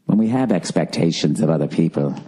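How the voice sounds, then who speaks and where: A man doing a mocking impression of a calm male meditation guide with a British accent, slow and gentle. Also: a bass voice, slightly rough, pitched below the performer's own voice, full character voice. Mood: soothing.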